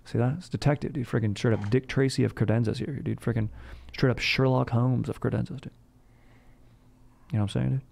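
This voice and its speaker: A man's voice: medium pitch, steady tone, brisk, vocal fry, darkish tone. A young man hosting a comedy podcast, chatting casually in bro slang and saying "dude" all the time. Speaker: podcast host.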